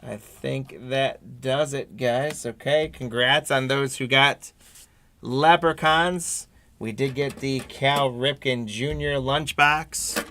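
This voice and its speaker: Guy running a live card break stream, talks slow and steady, middle pitch, reads off each card and chats with viewers. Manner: unhurried, reads card names off one by one, friendly asides to viewers.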